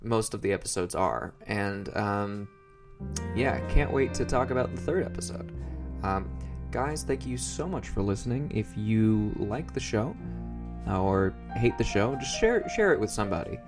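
Low gravelly man hosting a podcast. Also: expressive, normal speed, over music. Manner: rambling, stumbling over words. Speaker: podcast co-host. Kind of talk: casual comedic recap chat.

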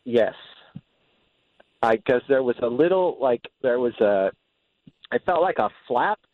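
A man's voice: mid-range voice, lively intonation, measured pace. A man calling in to a radio show, telling a story about himself in a matter-of-fact way. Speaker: caller. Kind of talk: phone-in storytelling. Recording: tinny phone line.

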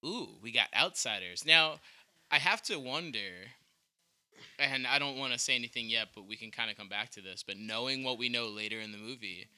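A man's voice: mid-range voice, a little fast, sharp tone, smooth. A man co-hosting a podcast, chatting casually and rambling about a movie, laughing often. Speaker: podcast co-host. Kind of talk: casual film discussion.

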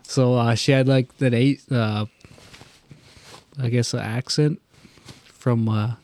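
A man's voice: mid-range voice, fairly even intonation, takes it slowly, darkish tone. A young man telling a rambling story in casual chat, swearing a lot and filling gaps with "uh" and "like". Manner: rambling storyteller, heavy swearing, many fillers. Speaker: podcast co-host.

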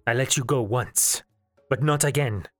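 A man's voice: mid-range voice, normal speed, no room sound, faint music behind, lightly acted. A tall, fierce woman guard captain, read by a man, clipped and commanding. Her lines come short and hard, full of suspicion. The sound is dry and close. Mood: threatening.

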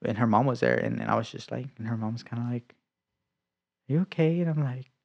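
A man at an ordinary pitch tells his faith story in an easygoing, conversational way, full of life, playing out his own past words and sometimes sinking to a whisper. The sound is a bit dull and lo-fi. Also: fairly even intonation, quick pace, gravelly. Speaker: guest sharing a faith testimony. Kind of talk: casual conversational testimony.

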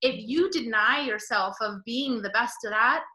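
A woman's voice: on the high side, expressive, moderate pace, sharp tone, roomy sound. A woman hosting a podcast interview over a video call, gushing and emotional, rambling with many restarts. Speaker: podcast host.

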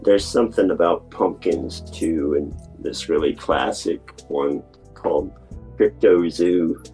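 A man co-hosting a casual podcast chat, speaking in an unhurried, thoughtful way with an occasional dry chuckle. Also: a bass voice, mellow, soft background music, rough recording. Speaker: podcast co-host.

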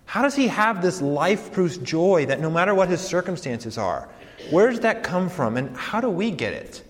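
A young adult man, a campus ministry pastor, giving a conversational sermon with self-deprecating, animated storytelling. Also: high voice, normal speed. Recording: long hall reverb.

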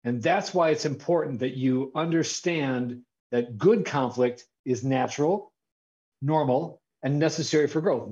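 A man co-hosting a casual podcast, upbeat and playful, moving easily between a scripted business pitch and loose banter. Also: highs cut off. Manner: upbeat, animated, playful delivery. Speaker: podcast co-host.

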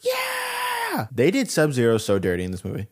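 A man's voice: on the low side, sing-song, fast talker, a little mellow. A man co-hosting a movie podcast, trading brash jokes and casual swearing while he reviews the cast. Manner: joking, brash, swears freely. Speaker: podcast co-host.

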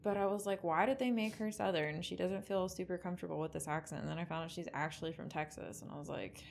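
A woman's voice: fairly low pitch, fast talker, creaky, slight background noise. A woman co-hosting a casual film recap, chatty and sardonic, swearing freely. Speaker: podcast co-host.

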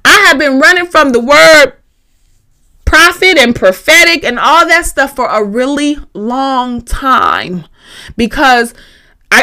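Bright-voiced woman giving impassioned testimony. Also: fairly high pitch. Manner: preacherly, direct address, repeats key phrases. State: tearful at times. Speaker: podcast guest speaker.

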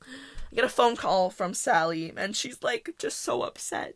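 A young woman hosting a podcast, telling chaotic stories from school in a casual, animated way, acting out the people she quotes. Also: a little high, a little slow, slight background noise. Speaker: podcast host. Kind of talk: casual storytelling.

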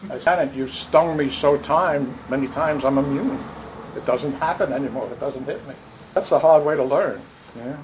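A man giving a rambling, animated spiritual talk, telling stories with quick asides. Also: on the high side. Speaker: spiritual teacher. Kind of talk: dharma talk with questions. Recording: muffled lo-fi recording with faint noise.

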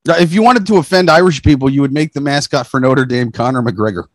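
A man's voice: medium pitch, quick pace, dry recording. A man co-hosting a podcast, cracking profane jokes in casual banter. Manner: joking, profane, deadpan asides. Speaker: podcast co-host.

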